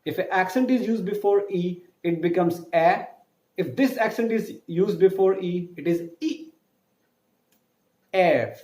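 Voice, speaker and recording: A man's voice: high voice, a little slow, mellow, reverberant. A man teaching a recorded French lesson to school students, chatty, calling his viewers guys and going through recaps and lists.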